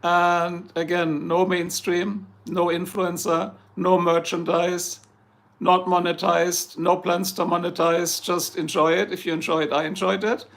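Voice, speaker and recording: A man's voice: sits high, little pitch movement, unhurried, gravelly, a bit bright. A man with a German accent, a native German speaker, chatting casually on a livestream, joking and rambling as he answers viewers in the chat.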